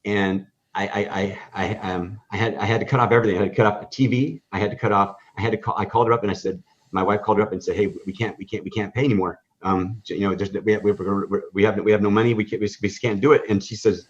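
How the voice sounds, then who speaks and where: A man's voice: fairly low pitch, fairly even intonation, fast. A man telling a story in a podcast interview, rambling through fillers and restarts and acting out the dialogue. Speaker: guest, hot dog stand owner. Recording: dull lo-fi podcast audio.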